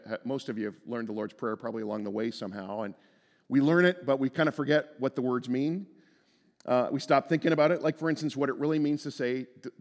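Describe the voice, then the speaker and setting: Male pastor, earnest sermon voice, higher-pitched, swings between hushed and emphatic, long church reverb. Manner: earnest, swings from hushed to emphatic, repeats words when starting. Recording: long reverb from a large room.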